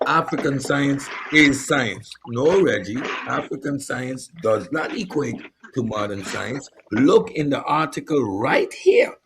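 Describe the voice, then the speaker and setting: A man's voice: medium pitch, gravelly, a little hiss or hum. A man co-hosting a casual commentary talk, arguing his points emphatically. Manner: argumentative, emphatic. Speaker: co-host.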